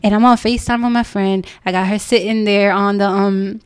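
A woman's voice: mid-range voice, fairly even intonation, a little fast, smooth, no room sound, studio quality. A woman chatting on a podcast, talking earnestly and with feeling, laughing often and repeating words as she goes. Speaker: podcast guest, self-love brand founder. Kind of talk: casual heartfelt podcast chat.

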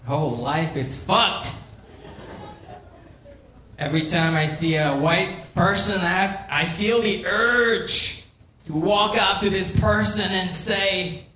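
A Korean man with a Korean accent performing a stand-up comedy set in a club, with deadpan, deliberate punchlines. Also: high-pitched. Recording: roomy club sound with faint room noise.

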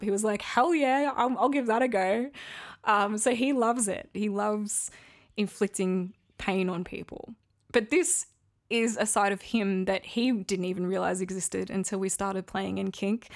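A woman's voice: medium pitch, creaky. A woman hosting a podcast, talking frankly and conversationally in a candid monologue, often checking in with the listener. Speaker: podcast host.

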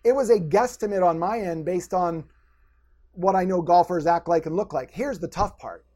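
Energetic male posture coach, high voice, instructive, talks the listener through exercises. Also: moderate pace. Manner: energetic, instructive, gives step-by-step directions. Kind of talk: coaching guest on a podcast.

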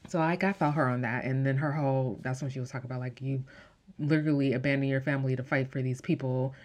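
A woman recapping a TV season in casual chat, with many fillers and quick exclamations. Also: extremely low pitch, steady tone, darkish tone. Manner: chatty, many "like"s and "um"s, laughs and gasps. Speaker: show recapper.

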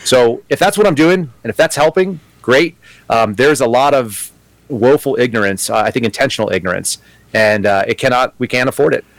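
A man's voice: medium pitch, brisk, dry recording, rough recording. A man, a guest and former agent, talking earnestly in an interview and thinking aloud. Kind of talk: conversational interview.

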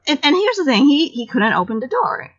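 A woman's voice: high-pitched, brisk. Woman telling a story on lo-fi audio. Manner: animated, loose and profane, acts out the dialogue. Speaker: podcast co-host telling a story. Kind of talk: casual storytelling chat. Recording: slightly dull lo-fi audio.

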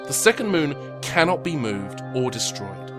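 A man's voice: mid-range voice, big pitch swings, moderate pace. A man running a tabletop game as game master, reading scripted narration with dry comic timing, then hesitating with fillers as he ad-libs. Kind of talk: scripted narration and casual chat. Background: music.

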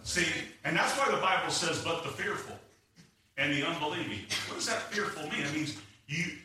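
A man's voice: fairly high pitch, moderate pace. A man preaching a sermon, telling personal stories and acting out the voices of the people in them. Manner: animated, acts out quoted voices. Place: church sanctuary. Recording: echoey hall, mic far off, faint noise.

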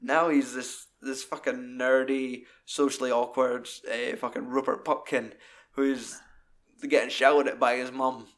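A man in casual, sweary film chat, acting out scenes in high put-on voices. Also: little pitch movement, a little slow.

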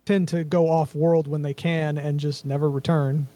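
Game master, male, high voice, rambling and halting, dry close sound. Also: level tone, warm tone, no room sound. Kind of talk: narrating a tabletop game.

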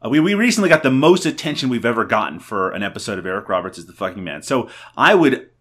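A man's voice: mid-range voice, sing-song, fast talker, a bit bright, breathy edge. A man from Canada hosting a podcast in jokey, teasing casual chat. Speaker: podcast host.

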